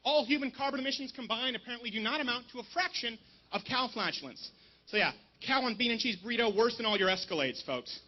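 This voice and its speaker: A man's voice: very high voice, expressive, fast, muffled recording. A man raised in Canada doing a stand-up comedy set at an outdoor rally, with punchy delivery and mocking asides.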